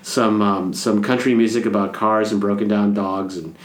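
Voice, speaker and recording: Joking priest hosting a casual chat. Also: male voice, fairly low pitch, fairly even intonation, normal speed, roomy sound. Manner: joking, playful, rambling. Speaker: priest and podcast co-host.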